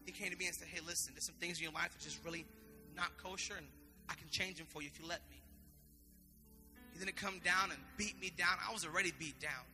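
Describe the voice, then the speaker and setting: A man's voice: on the high side, steady tone, fast, bright, forceful tone, long reverb tail, soft background music. A man preaching a sermon in an impassioned, conversational way, often repeating himself. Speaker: pastor.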